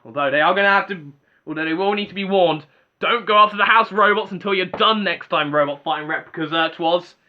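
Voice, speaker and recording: High-voiced man commentating robot fights. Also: fairly quick. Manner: excitable, rising to exclamations at big hits. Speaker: tournament commentator. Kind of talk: play-by-play commentary. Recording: dull lo-fi audio with music behind.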